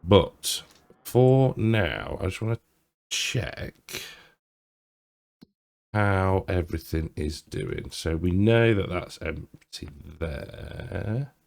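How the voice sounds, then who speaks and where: A man's voice: low-pitched, expressive, drawn-out words, vocal fry, darkish tone. A middle-aged man rambling through casual gameplay commentary, with lots of ums and restarts. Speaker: gaming YouTuber.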